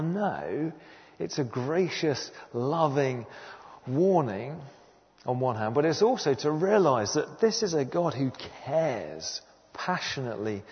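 Guy preaching in a church, earnest and emphatic, voice rises and falls a lot, long hall echo, kinda dull sound. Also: mid-range voice. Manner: earnest, emphatic, repeats key phrases. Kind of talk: sermon.

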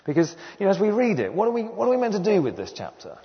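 A man's voice: high voice, wildly swooping pitch, very fast. Emphatic preacher man in echoing hall. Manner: earnest, emphatic, repeats key phrases. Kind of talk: sermon. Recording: dull sound with long hall reverb.

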